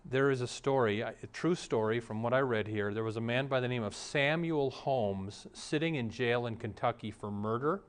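A man's voice: medium pitch, moderate pace, few pauses, smooth. A middle-aged male pastor preaching a sermon, telling stories and briefly acting out the voices of the people in them. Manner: storytelling preacher, acts out quoted voices.

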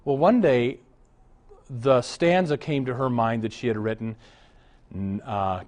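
A man's voice: medium pitch, a little slow, long pauses. Male pastor preaching, story-driven and earnest, mid-range voice. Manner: animated storytelling, mixes humor with exhortation. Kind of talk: sermon.

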